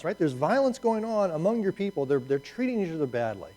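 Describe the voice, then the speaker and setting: Animated, fairly high-voiced male preacher. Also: brisk, rough recording. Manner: animated, repeats words as he restarts. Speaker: pastor. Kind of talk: conversational sermon with slides.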